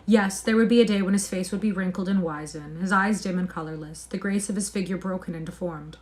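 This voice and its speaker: A woman reading a classic novel aloud in an expressive, measured way. Her voice sits slightly low. It is a livestreamed reading. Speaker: narrator.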